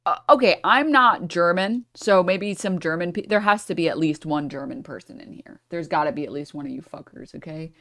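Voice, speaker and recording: A woman's voice: sits low, steady tone, fairly quick, hardly any pauses. A woman streamer reading a news article aloud and breaking off with sarcastic asides and apologies for her misreadings.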